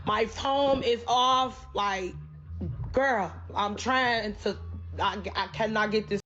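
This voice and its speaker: A woman's voice: medium pitch, slow pace, fairly bright tone. A woman livestreaming to her viewers, talking in an emotional, rambling, pleading way. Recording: muffled livestream audio with music.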